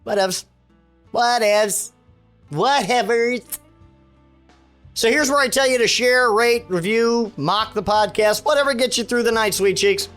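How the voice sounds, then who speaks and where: A male comedy podcast host with a fairly high voice, chatting loosely and offhandedly and dropping casual profanity. Faint music sits under his talk. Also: normal speed, hardly any pauses, a bit bright.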